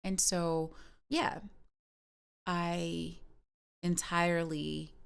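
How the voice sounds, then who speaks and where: A woman's voice: on the low side, flat delivery, very slow, gravelly, clean tone. A woman streamer talking in a rambling, candid way, with many fillers and restarts. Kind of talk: casual personal chat on a livestream.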